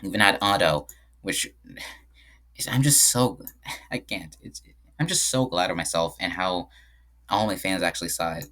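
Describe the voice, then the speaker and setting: A man's voice: deep voice, moderate pace, pushed and bright. A man giving casual screen-share commentary on his own game, rambling and often correcting himself mid-sentence. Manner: rambling, frequent self-corrections. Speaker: game developer.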